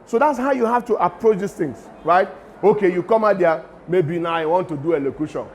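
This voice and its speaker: A middle-aged man with a Nigerian accent lectures students in a lively way and drops pidgin asides into his talk. His voice sits high for a man. A faint hum of room noise stays behind him. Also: brisk. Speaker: guest lecturer.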